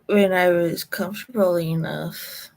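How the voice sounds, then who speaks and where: A woman from Colorado, telling a personal story in a halting way, close to tears. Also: on the low side, fairly even intonation, vocal fry, a little mellow. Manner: slow, halting, emotional recollection.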